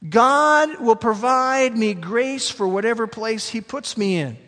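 A man preaching a sermon as pastor, emphatic, slowing down to stress key words. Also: very high-pitched, pushed and bright. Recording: long hall reverb.

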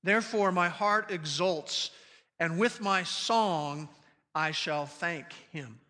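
A man preaching a sermon as pastor, speaking emphatically with slow, deliberate stresses on quoted scripture. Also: high-pitched, pushed and bright. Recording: long reverb of a large hall.

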